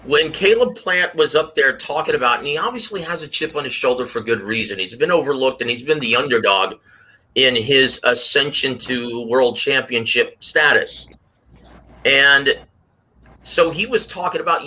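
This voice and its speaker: A man giving his take on a boxing panel, telling stories and acting out quotes in a lively way. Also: mid-range voice, normal speed. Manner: animated storyteller, acts out quotes. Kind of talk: casual panel commentary.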